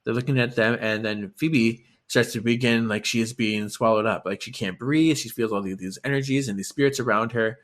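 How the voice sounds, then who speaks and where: A man's voice: medium pitch, a little fast, hardly any pauses. Man animatedly retelling a story. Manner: animated storytelling full of "like" and laughter. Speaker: podcast co-host. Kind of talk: casual chat retelling a book.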